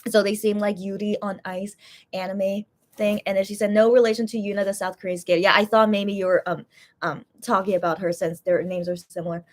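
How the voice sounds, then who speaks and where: A woman's voice: medium pitch, level tone, brisk. Congested woman rambling her opinions. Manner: rambling, opinionated, many fillers and restarts. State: congested, coughing. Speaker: host reacting to concept photos. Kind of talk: casual chat reading viewer comments.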